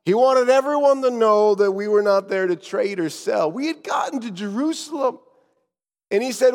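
A preacher with a high voice tells a sermon as a first-person story, shifting from lively telling to hushed tones. His voice carries a long echo from a large hall. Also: moderate pace. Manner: dramatic, dropping to hushed tones.

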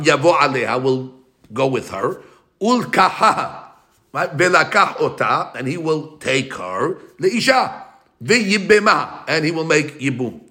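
A man teaching a Talmud lesson, arguing both sides in a quick back-and-forth and slowing down to chant the Hebrew and Aramaic quotes. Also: a little high, sharp tone.

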